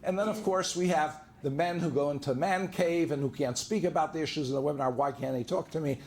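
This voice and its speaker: A man's voice: a little high, fairly quick, darkish tone. A man, a divorce lawyer, giving a seminar to a live audience in a conversational way, full of anecdotes. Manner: conversational, anecdote-driven, acts out quoted dialogue.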